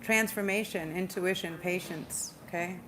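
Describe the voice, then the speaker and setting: Woman, slight Southern drawl, casual tarot reader; emphatic, repeats herself, rushes and stumbles now and then. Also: on the low side, background noise. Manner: chatty, emphatic, repeats phrases, speeds up and stumbles at times. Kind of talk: casual spiritual tarot reading.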